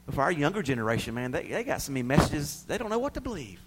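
A middle-aged man preaching a sermon, swinging between loud pleading and soft near-whispers. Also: fairly high pitch, big pitch swings, very fast.

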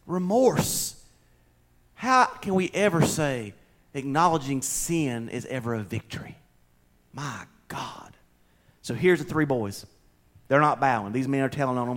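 A preacher with a high, light voice, delivering a sermon from the pulpit of a church. He swings between loud bursts and hushed asides and slips into other people's voices as he preaches. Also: expressive, measured pace. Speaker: pastor.

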